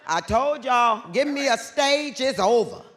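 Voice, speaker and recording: A woman speaking as an author and guest on a theater stage, loud and bawdy, swinging between shouts and hushed whispers. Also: fairly high pitch, lively intonation, unhurried. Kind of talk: animated live stage talk. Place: theater stage before an audience.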